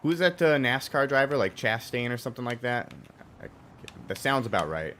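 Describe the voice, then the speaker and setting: A young man streaming a racing game live, talking casually and profanely while he plays, with a hoarse, strained voice and sudden loud outbursts. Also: mid-range voice, big pitch swings, moderate pace, a little hiss or hum. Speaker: gaming streamer.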